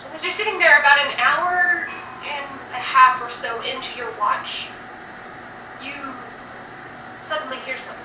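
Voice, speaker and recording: A woman narrating as game master of a tabletop game, relaxed and rambling with lots of fillers. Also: high voice, normal speed, long pauses. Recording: echoey room, mic at a distance, noisy.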